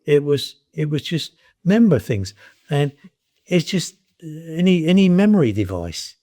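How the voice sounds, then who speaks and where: A man's voice: on the high side, big pitch swings, normal speed, mellow. An older man, a veteran of advertising, talking bluntly and plainly as a guest in a podcast interview. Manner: blunt, plain-spoken, repeats words when starting.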